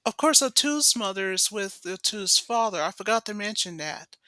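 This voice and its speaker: A woman's voice: medium pitch, expressive, normal speed, sharp tone, no room sound, poor audio. A woman casually recapping an episode, rambling along with lots of "so" and "of course". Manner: rambling, chatty retelling full of "so" and "of course".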